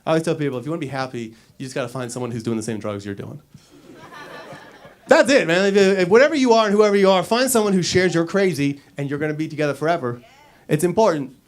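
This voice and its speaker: A man's voice: a little high, quick pace. A man doing a stand-up comedy set in a club, acting out little scenes with silly voices. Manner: animated, acts out characters with silly voices.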